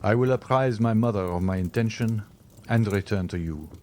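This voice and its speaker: A man's voice: lowish voice, moderate pace, a little mellow, slight background noise, close to an everyday voice. A man reading the part of an earnest, eager young viscount. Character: young viscount, eager and devoted to his mother.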